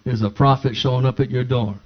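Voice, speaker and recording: A man preaching a sermon, telling a personal story with lively acted-out dialogue. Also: mid-range voice, fast. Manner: animated, acts out dialogue in his stories. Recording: dull lo-fi recording.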